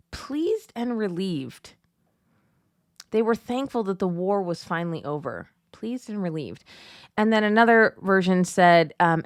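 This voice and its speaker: A woman in her thirties hosting a devotional show, talking casually and telling family stories with lively retellings. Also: medium pitch, dry recording, studio quality. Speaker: podcast host.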